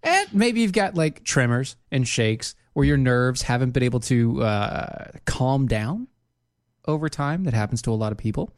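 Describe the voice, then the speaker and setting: A man's voice: mid-range voice, animated, moderate pace, dry recording, clean studio sound. A man co-hosting a podcast, joking and laughing through casual banter, then reading a sponsor spot. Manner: jokey, laughs a lot, teasing. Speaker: podcast co-host.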